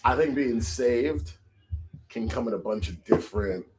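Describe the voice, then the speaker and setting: A man's voice: mid-range voice, unhurried, a little mellow. A man co-hosting a live music reaction stream, with repeated exclamations and thoughtful explanations.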